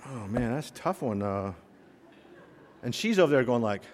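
Animated preaching man in a reverberant hall. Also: mid-range voice, moderate pace, a little hiss or hum. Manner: animated storyteller, voices characters, swings loud and soft. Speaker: pastor. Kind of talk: sermon with acted stories. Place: church sanctuary.

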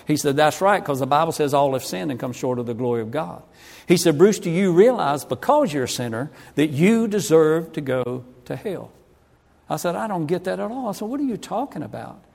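In a church hall with long reverb, a middle-aged North Carolina man preaches his conversion story as an evangelist's sermon testimony. His voice is fairly high with some vocal fry, and he acts out the voices of the people in the story.

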